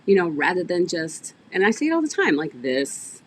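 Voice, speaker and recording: Woman host, business coach, lower pitch, lively and chatty on a video call, faint noise behind. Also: moderate pace. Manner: animated, laughs often, addresses audience as "y'all". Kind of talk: casual interview chat.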